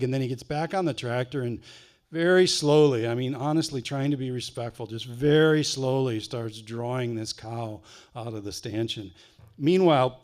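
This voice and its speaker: An author from Wisconsin, speaking at average pitch, tells farm stories to a live audience at a library fine arts center. His humor is dry and folksy, and he drops low and quiet during the tender, sad parts.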